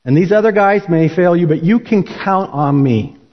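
A man voicing a boastful, loudmouthed disciple who insists emphatically on his loyalty. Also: sits high, moderate pace, in a large hall, natural voice. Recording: dull lo-fi recording.

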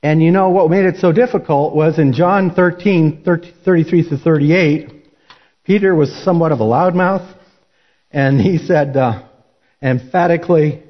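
A man preaches in a folksy, conversational storytelling manner, with a voice on the higher side. The recording is dull and lo-fi. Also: normal speed. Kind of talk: sermon.

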